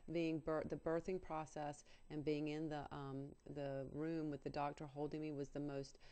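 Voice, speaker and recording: A middle-aged woman telling a personal spiritual story on the radio, earnest and halting, with many fillers and restarts. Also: sits low, flat delivery, dark tone, clear, resonant tone.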